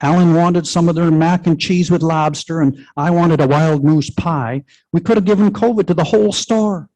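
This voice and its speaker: Man playing an older woman, fretful, worried rush, mellow tone, live story reading. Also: on the high side, close to an everyday voice, low-quality recording. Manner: fretful, rushing worry. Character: anxious older woman friend.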